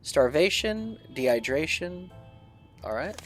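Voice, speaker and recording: A man's voice: medium pitch, animated, unhurried, long pauses, soft background music. A man commenting casually while he plays a game, muttering his choices and reading the event text aloud. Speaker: gameplay video creator.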